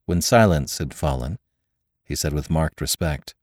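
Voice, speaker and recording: Deep-voiced man reading a classic tale. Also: unhurried, no room sound, clean studio sound. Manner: expressive, theatrical storytelling. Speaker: narrator. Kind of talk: audiobook reading of a classic story.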